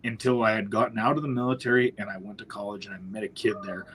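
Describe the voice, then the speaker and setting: A man's voice: fairly low pitch, fast, husky, rough recording. A man from northwestern Ontario telling hunting stories in a casual podcast chat, acting out the voices of people he quotes. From northwestern Ontario, Canada. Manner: animated storyteller, acts out quoted voices. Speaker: podcast host.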